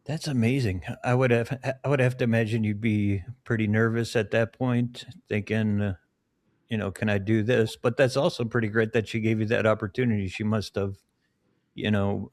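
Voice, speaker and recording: Friendly male interviewer, low pitch, dry recording. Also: steady tone, moderate pace, darkish tone, no room sound. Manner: friendly, encouraging, with fillers. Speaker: host. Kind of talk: casual interview.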